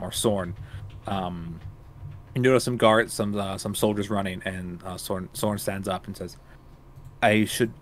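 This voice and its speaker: Guy running a tabletop game, low voice, lots of ums, kinda halting. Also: slight background noise. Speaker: game master.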